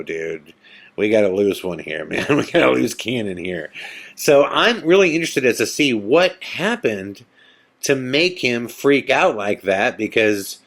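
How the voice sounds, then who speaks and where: A man hosting a podcast, telling a story casually and acting out the people he quotes. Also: medium pitch. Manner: animated, acts out the people he quotes; loose, conversational with fillers like "you know" and "man". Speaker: podcast host.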